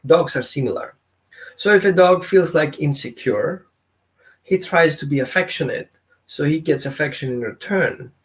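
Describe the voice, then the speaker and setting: A man working as a dog trainer teaches informally, keeping it casual and conversational and often putting questions to his audience. His voice is fairly high and expressive, at a normal speed.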